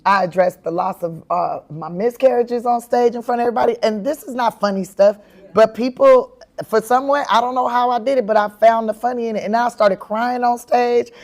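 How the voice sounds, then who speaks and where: Comedian lady in her 40s, aave, tells stories all animated, laughs a lot, pitch jumps up when she quotes herself. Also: a little fast. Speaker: comedian and actress, interview guest. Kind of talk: candid storytelling in an interview.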